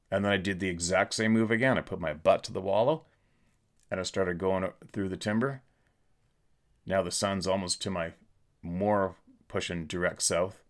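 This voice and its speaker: Middle-aged male podcast host, deep voice, emphatic and repetitive, casual monologue. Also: fairly bright tone.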